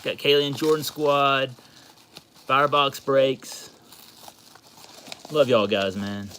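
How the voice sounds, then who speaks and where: Male livestream host, bright, gushing, excitable; casual chat. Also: medium pitch, takes it slowly, a little hiss or hum. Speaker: card collecting livestream host. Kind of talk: casual livestream chat while opening a package.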